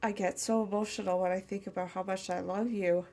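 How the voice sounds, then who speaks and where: A woman tarot reader speaking a channeled message slowly and tenderly, close to tears. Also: medium pitch, fairly even intonation, warm tone. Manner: slow, tender, emotional. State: tearful.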